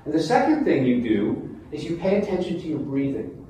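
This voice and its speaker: A man teaching a mindfulness meditation class, explaining calmly and often restarting his sentences. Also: fairly high pitch, normal speed. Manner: calm, explanatory, with frequent restarts. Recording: very echoey room, faint noise.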